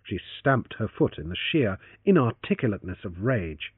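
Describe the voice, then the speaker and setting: Casting: male storybook narrator, lively intonation, phone-like dry recording. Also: lowish voice, normal speed, slightly rough, dry recording. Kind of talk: scripted audiobook narration.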